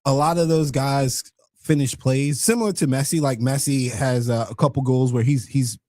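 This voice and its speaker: A man co-hosting a morning sports radio show, breaking down soccer plays in a relaxed, analytical way. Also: mid-range voice, moderate pace, dry recording, studio quality. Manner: analytical, laid-back, chuckling.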